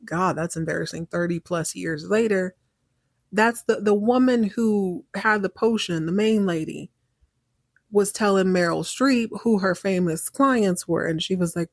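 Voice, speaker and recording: A woman hosting a podcast, recapping a TV series in a casual, opinionated way. She acts out the characters' lines and reacts out loud. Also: mid-range voice, normal speed, gravelly, dry recording, studio quality. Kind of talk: casual chat.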